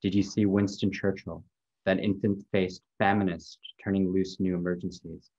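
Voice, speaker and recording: A man with a very low, deep voice gives a poetry reading. He delivers a long chain of questions in a measured, incantatory cadence. The audio is dull and lo-fi. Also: little pitch movement, darkish tone. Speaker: poet.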